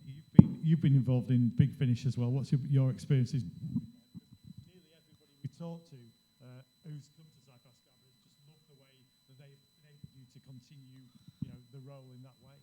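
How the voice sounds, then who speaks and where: A man's voice: mid-range voice, a little fast, long pauses, lo-fi sound. A man hosting a convention panel, chatty and jovial as he moderates. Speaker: panel host. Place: convention hall stage.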